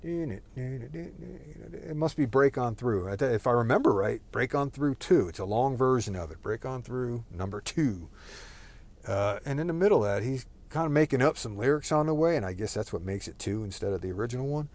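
A man's voice: medium pitch, lively intonation, moderate pace, darkish tone. A man talking in a casual, rambling monologue, thinking aloud and giving his opinions.

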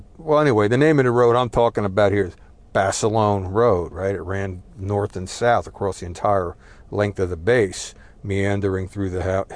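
Speaking in a fairly low, darkish voice, a middle-aged man from New Jersey spins a rambling, casual tale full of profanity. He often says "uh" and checks in with "right?" along the way.

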